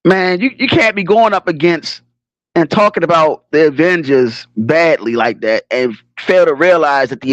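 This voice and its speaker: A man with a voice on the high side hosts a laid-back livestream with no room sound. He talks in rambling, slang-heavy spurts, swears freely, and keeps pausing to laugh and regroup in an animated way.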